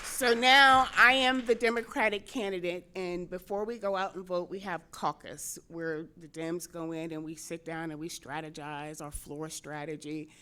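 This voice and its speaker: A middle-aged woman who serves as a state senator tells a personal story to a convention audience in a lowish voice at a moderate pace with few pauses. She's animated, laughing often and acting out what people said, with slight background noise behind her.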